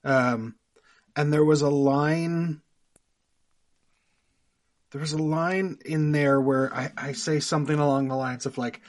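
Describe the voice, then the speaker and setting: A young Canadian actor guesting on a casual podcast interview rambles through stories, laughing often and using many fillers. His voice is a little high and steady, and he speaks slowly with frequent pauses.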